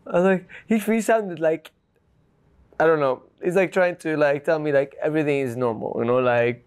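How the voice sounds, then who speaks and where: Clear-voiced man telling a rambling story. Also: on the high side, normal speed. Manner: animated, rambling, laughs often, fillers like "like" and "you know". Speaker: podcast guest. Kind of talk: casual storytelling.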